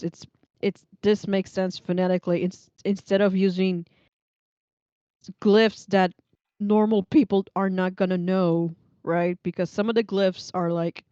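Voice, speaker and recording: A young woman streamer chatting at her desk, rambling and laughing as she reads chat. Her voice is smooth and mellow, close and dry, with slightly dull, muffled stream audio. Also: fairly low pitch, steady tone, unhurried, no echo. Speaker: livestream host reading chat.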